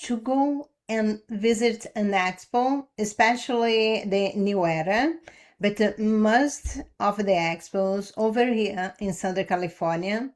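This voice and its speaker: Woman host, slow and inviting, mid-pitched. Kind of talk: casual interview talk.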